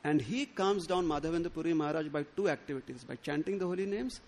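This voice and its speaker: In a high voice, a man gives a scriptural sermon, dramatizing quotes as his pitch rises. He stammers and restarts as he performs them, keeping the delivery expressive.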